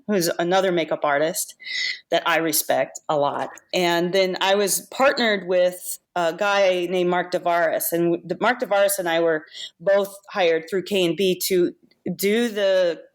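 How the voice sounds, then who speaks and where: A woman being interviewed on a podcast about her makeup effects career, telling animated anecdotes with laughs and restarts. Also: lowish voice, unhurried. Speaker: guest makeup effects artist. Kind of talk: casual storytelling interview.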